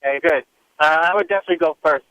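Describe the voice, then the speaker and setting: A man's voice: a little high, racing, fairly bright tone, no echo, muffled recording. A man phoning in to a radio show, joking and self-deprecating. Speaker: caller. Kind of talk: call-in chat. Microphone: telephone.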